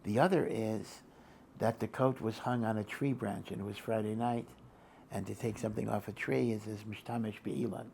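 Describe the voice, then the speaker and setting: Gravelly older rabbi giving a rambling class. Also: male voice, on the low side, fairly even intonation, moderate pace, a little hiss or hum. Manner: rambling, with many restarts and Yiddish-Hebrew terms; acts out a loud, shouting old rabbi in quotes. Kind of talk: informal Torah lecture with stories.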